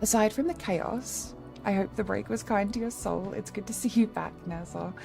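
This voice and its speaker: A woman's voice: mid-range voice, moderate pace, vocal fry, music in the background. A young woman streamer in a casual live-stream chat, rambling along and thanking her viewers by name.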